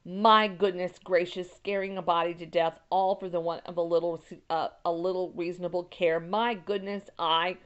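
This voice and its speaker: A woman's voice: on the low side, fairly even intonation, moderate pace, hardly any pauses, clear, resonant tone, muffled recording, natural voice. A woman reading a pioneer mother's lines as she scolds her husband in tears, in a story read aloud. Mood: scolding. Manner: scolding, tearful.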